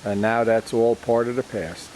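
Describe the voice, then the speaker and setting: A man talks casually to the camera in a middle-pitched voice. He rambles and grows sentimental, leaving many sentences unfinished. A faint hum of background noise sits under his voice. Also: steady tone, moderate pace, darkish tone. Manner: rambling, sentimental, often trails off mid-sentence. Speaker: vlogger.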